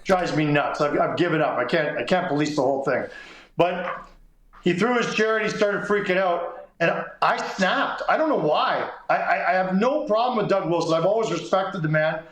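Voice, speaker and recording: Animated man telling a story in an echoey room. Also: high-pitched, moderate pace. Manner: animated anecdote telling, acts out quotes. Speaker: sports columnist guest. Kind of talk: casual storytelling.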